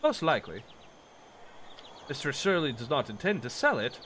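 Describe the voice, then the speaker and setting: A man doing a deadpan robot companion. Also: mid-range voice, moderate pace, a little hiss or hum. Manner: clipped, matter-of-fact, deadpan. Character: dry, literal male robot companion.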